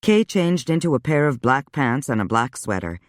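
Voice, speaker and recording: A male audiobook narrator reading in an even, measured storytelling voice at a middle pitch. The recording is dry and close, with no room sound. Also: no echo. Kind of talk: scripted narration.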